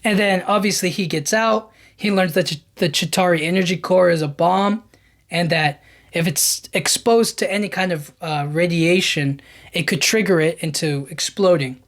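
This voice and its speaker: A young man talks through a movie's plot as a podcast host, in an easygoing, chatty way. He stumbles and restarts often and speeds up when the action gets exciting. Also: high voice. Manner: animated retelling with many fillers and restarts. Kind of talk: casual film recap.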